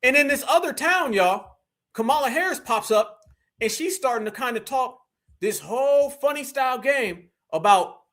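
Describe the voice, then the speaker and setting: A man's voice: very high-pitched, lively intonation, moderate pace, a bit bright. A man, hosting a political livestream and speaking to his viewers in a preachy, rallying way. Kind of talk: livestream commentary.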